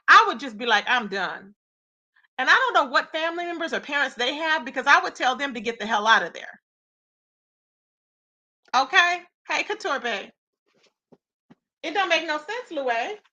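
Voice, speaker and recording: A woman's voice: high voice, sharp tone. A woman hosting a live gossip commentary stream, reacting with incredulous rhetorical questions and greeting her chat. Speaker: commentary channel host.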